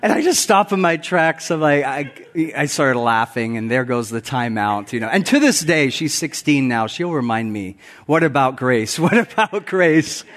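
A man in his forties, preaching as a guest pastor in a church sanctuary, speaks in a mid-range, slightly bright, animated voice at normal speed with hardly any pauses. Self-deprecating and frequently laughing at his own tales, he performs quotes loudly.

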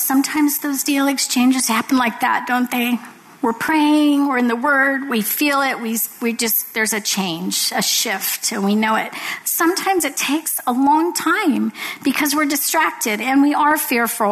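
A woman's voice: on the high side, fairly bright tone, low-quality recording. A woman giving an earnest devotional talk to women, telling a story to make her point.

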